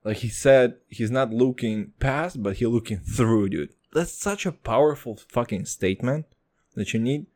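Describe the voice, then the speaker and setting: A man from Kazakhstan hosting his own podcast, ranting casually with lots of swearing and excitement. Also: medium pitch, normal speed. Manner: profane, rambling, excitable. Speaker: podcast host. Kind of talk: casual solo podcast rant.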